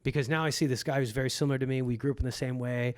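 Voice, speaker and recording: A man's voice: mid-range voice, steady tone, racing, no echo, clean studio sound. A comedian in his forties who grew up in Egypt, telling stories in a casual podcast conversation, acting out quoted voices and swearing freely. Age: 40s. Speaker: comedian guest.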